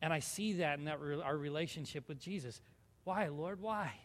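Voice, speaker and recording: High-pitched guy preaching a sermon, gets intense reading scripture, big echoey church hall. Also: moderate pace. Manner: animated, reads scripture aloud with rising intensity; asks the congregation questions, jokes with them. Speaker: pastor.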